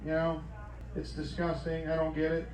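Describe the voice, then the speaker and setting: A man's voice: on the high side, monotone, moderate pace, a little mellow, recorded from a distance. A man in his early forties doing a stand-up comedy set on a club stage, with a loose, rambling delivery full of restarts. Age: early 40s. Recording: roomy live club recording from off-mic. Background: audience laughter.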